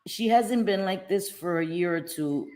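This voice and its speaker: On a casual live stream chat, a middle-aged woman with a lowish voice speaks at normal speed. She tells her stories bluntly and animatedly, swearing as she goes.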